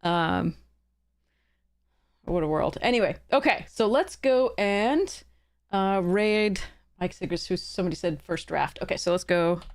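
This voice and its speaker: A woman's voice: on the low side, lively intonation, measured pace. Heated, apologetic woman streamer. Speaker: game streamer. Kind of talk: live stream chat with viewers.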